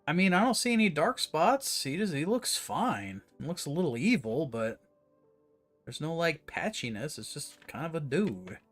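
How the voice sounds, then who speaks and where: A male streamer chats his way through a game in a loose, rambling manner, full of fillers. His voice is a little high for a man and very animated. Soft game music plays under him. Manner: casual, rambling, with fillers and quick laughs. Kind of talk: live gameplay commentary.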